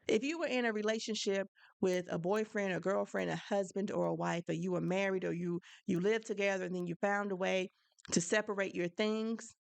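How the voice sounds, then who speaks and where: A woman's voice: medium pitch, steady tone, brisk, gravelly, no room sound. A woman hosting a solo advice podcast, talking frankly and conversationally, with a preachy edge. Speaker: podcast host.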